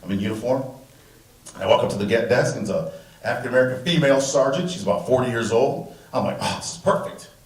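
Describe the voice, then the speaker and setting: A man telling a personal story live on stage, animated and acting out the dialogue. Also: medium pitch, fast. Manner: animated, acts out the dialogue and laughs at himself. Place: stage at a museum event hall. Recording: roomy hall, distant mic.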